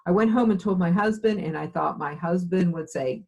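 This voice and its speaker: A middle-aged woman with a low, husky voice tells her career story in an interview. She slips into the voices of the people in it as she goes, lively and expressive throughout. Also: normal speed, hardly any pauses, rough recording. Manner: animated storyteller acting out dialogue. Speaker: occupational therapy program director.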